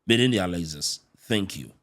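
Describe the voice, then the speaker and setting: A man's voice: low voice, animated, normal speed, fairly bright tone. A man hosting a reaction show and introducing the topic. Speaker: host. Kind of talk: show opening narration.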